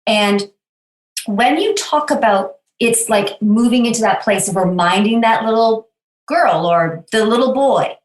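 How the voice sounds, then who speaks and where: A woman's voice: fairly high pitch, measured pace. A woman podcast host who interviews her guest, affirming what she hears and asking long, searching questions. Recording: roomy echo.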